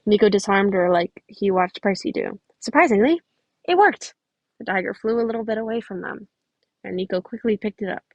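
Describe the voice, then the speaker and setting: A woman's voice: medium pitch, a bit bright. A woman reads a fan story aloud on a close home mic. She trips over words and restarts phrases, breaking off for chatty asides. The sound is completely dry, with no room echo. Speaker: podfic reader. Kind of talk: reading fan fiction aloud.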